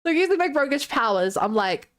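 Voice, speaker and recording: A woman's voice: sits high, big pitch swings, a little fast. A woman streamer casually retelling a tabletop game session, chatty and loose with lots of filler words.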